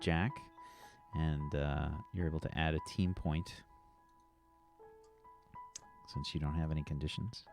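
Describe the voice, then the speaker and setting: A man narrating scenes as game master of a tabletop game, calm and unhurried. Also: a bass voice. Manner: slow, calm scene-setting. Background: faint music.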